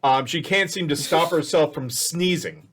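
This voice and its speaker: Game master, male, high-pitched, rambling storyteller with lots of restarts. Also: moderate pace, a bit bright, a little hiss or hum. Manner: rambling, self-correcting narration. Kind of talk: narrating a tabletop game.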